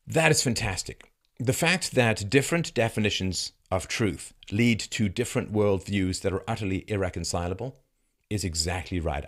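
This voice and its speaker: A male commentary host giving an emphatic, sarcastic monologue full of rhetorical questions and chuckles, dropping from loud mocking peaks to low, grave tones. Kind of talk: commentary monologue reacting to a news segment.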